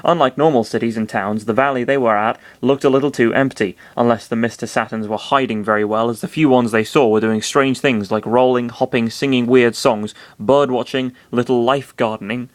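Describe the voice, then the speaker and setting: A man's voice: mid-range voice, steady tone, fairly quick, few pauses, no echo. A young man reading a fan fiction aloud, casual and breaking off to swear and apologize. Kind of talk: comedic dramatic reading.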